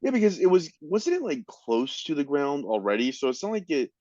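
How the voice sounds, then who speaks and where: A man co-hosting a casual podcast, easygoing and halting as he reacts. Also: fairly high pitch, big pitch swings, darkish tone, no echo, lo-fi sound. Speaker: podcast co-host. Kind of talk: casual chat.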